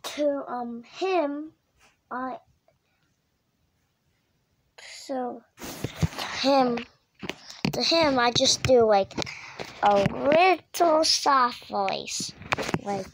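Woman, vlogger, very slow, hesitant with lots of ums, fairly high voice. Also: noisy background. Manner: hesitant, full of ums and restarts. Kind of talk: casual chat explaining her voiceover voices.

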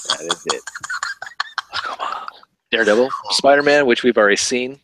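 A man's voice: mid-range voice, sing-song, quick pace, background noise. A man hosting a podcast, chatting casually and thinking aloud with fillers about collectible toys. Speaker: podcast host.

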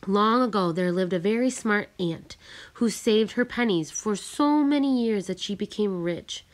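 A woman voicing a patient, tender mother of young children, speaking gently and soothingly. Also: medium pitch, measured pace, close to an everyday voice.

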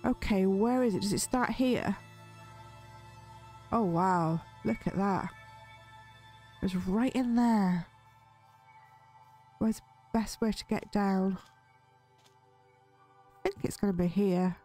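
Chatty woman narrating relaxed gameplay. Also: mid-range voice, slow pace, pauses often, faint music behind. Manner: chatty, easily spooked, nervous laughs. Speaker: gaming channel host. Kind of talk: relaxed Minecraft let's play commentary.

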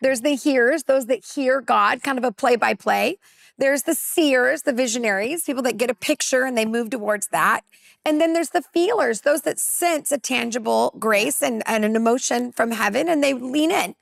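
A woman in her forties from California, a women's pastor, telling a personal testimony on a talk panel as a lively storyteller who acts out dialogue. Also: high voice, moderate pace, creaky, no echo, clean studio sound.

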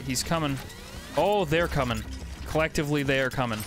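A man's voice: a little high, a little fast. A young man streaming a video game, chatting with viewers and swearing freely as he plays. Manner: swears freely, chats to viewers while playing. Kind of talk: casual gameplay commentary with chat. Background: game music and sound effects.

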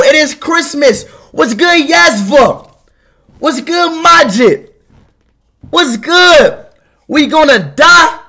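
A young man livestreaming, talking loudly and excitably to his chat and often shouting. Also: very high voice, gravelly.

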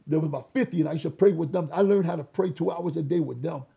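High, gravelly male storyteller, dark and raspy, lively testimony delivery. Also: fast talker, muffled recording. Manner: animated, acts out quoted voices. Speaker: interview guest.

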